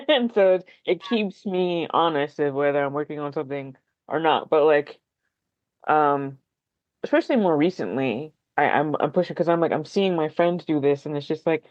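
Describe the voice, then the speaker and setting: A candid writer rambles through a casual podcast chat, dotting every thought with likes and ums and gently putting themselves down. The sound is dull and lo-fi, with a dry room that gives back no echo. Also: medium pitch, moderate pace. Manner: self-deprecating. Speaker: podcast guest, fellow writer.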